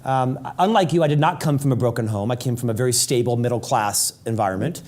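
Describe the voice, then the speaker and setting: A man in his forties, interviewing the host in a thoughtful, measured way and sharing a personal memory. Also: mid-range voice, darkish tone. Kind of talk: conversational interview questions.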